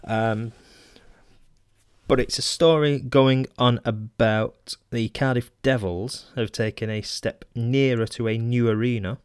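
On his casual solo podcast, a Manchester man reads old magazine articles aloud, breaking off for ums, restarts and wry asides. His middle-pitched voice is steady, clear and resonant, and he takes it slowly in a dry, close recording with no room sound.

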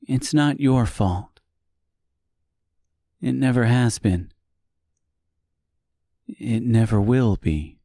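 A small, wounded girl who speaks softly and gently, calm and forgiving, as a man narrator does her voice. Her words come slowly and evenly, recorded close with a dry sound. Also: mid-range voice, no room sound. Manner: soft and gentle.

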